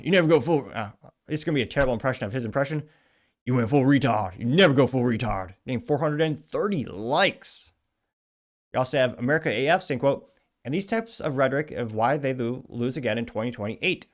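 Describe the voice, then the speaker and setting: Opinionated male political commentary host. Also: medium pitch. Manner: opinionated, reads comments aloud with sarcastic asides.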